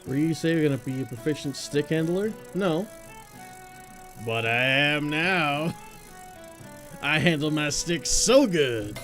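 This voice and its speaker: A man's voice: fairly high pitch, expressive, normal speed, soft background music. A young man live-streaming a game, chatting casually with a goofy, jokey manner and humming nonsense tunes. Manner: goofy, laughing, hums and scats nonsense tunes.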